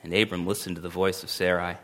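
Pastor preaching in a reverberant hall. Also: male voice, low-pitched, little pitch movement, fast talker, fairly bright tone. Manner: conversational and emphatic, with wry humor. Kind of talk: sermon.

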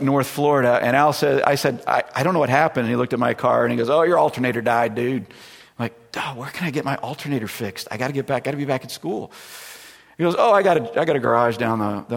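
A man's voice: mid-range voice, vocal fry. A middle-aged man preaching a sermon, telling a personal story in a conversational way and acting out the voices he quotes. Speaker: pastor. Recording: long reverb from a large room.

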